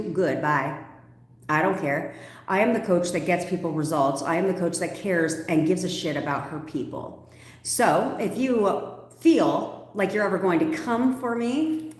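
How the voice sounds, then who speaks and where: A woman's voice: sits low, roomy sound. Blunt, profane woman coach. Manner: blunt, profane, animated, laughs often. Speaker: manifestation coach. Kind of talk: livestream Q&A.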